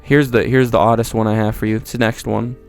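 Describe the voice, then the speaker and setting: A man's voice: mid-range voice, level tone, fast talker, vocal fry, soft background music. A young man giving a profane, rambling comedic monologue with mock disbelief. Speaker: video creator.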